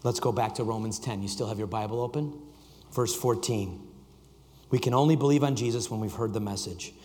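A man preaching a sermon to a congregation, reading scripture and joking with the room, shifting from loud emphasis to quiet intensity. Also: lowish voice, brisk. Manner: reads scripture aloud and jokes with the congregation. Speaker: pastor. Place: church sanctuary. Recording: long reverb of a large hall.

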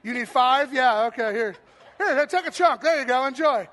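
A man hosting a game on stage for a church audience, then speaking to them. He is energetic and playful, shouting cheers and countdowns and tossing in jokes. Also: very high-pitched, normal speed. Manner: playful, joking asides. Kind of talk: live stage talk to an audience.

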